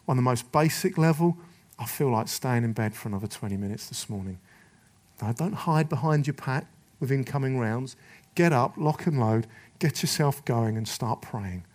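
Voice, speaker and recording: A man's voice: mid-range voice, darkish tone. A middle-aged man delivers a sermon with rallying force. He drives his points home in punchy repeated phrases. Now and then he slips into little voices to mimic excuses. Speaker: preacher. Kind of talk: sermon to men.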